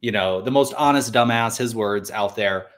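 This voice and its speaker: A man's voice: fairly low pitch, normal speed, fairly bright tone. A man co-hosting a recap podcast, rambling in loose, joking casual chat. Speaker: podcast co-host.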